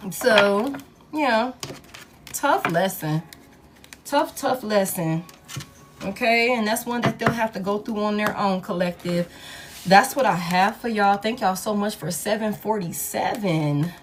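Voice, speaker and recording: Against background noise, a woman with a medium-pitched voice reads tarot at a measured pace in a casual monologue. She's blunt, curses, and repeats herself emphatically.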